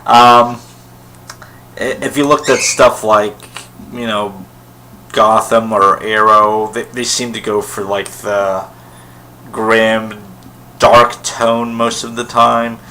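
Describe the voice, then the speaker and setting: A man with a bright, forceful voice speaks slowly and unhurriedly to camera in a casual vlog. He rambles with enthusiasm, full of ums and restarts. A faint hum sits behind him. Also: fairly low pitch, level tone, rough recording. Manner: rambling, enthusiastic fan talk with many fillers. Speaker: vlogger. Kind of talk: casual solo vlog commentary.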